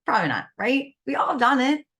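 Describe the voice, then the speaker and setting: A woman's voice: high-pitched, big pitch swings, a little fast, fairly bright tone. A woman guest on a wellness podcast, talking animatedly about stress and self-talk and acting out the voice of the inner critic. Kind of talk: podcast interview.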